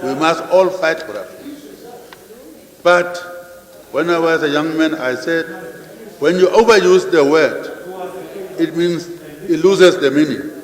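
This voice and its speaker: Older man in an echoey chamber. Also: on the high side. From Namibia. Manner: rhetorical, repeats phrases, asks the room questions. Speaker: president answering parliament. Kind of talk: unscripted parliamentary address. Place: large parliament chamber. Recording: echoey chamber with long reverb.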